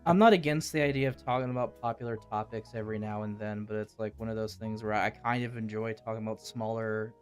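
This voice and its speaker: A man's voice: on the low side, fast, hardly any pauses, faint music behind. Easygoing man who laughs a lot. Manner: relaxed, laughs easily. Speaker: commentary channel host. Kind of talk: casual chat.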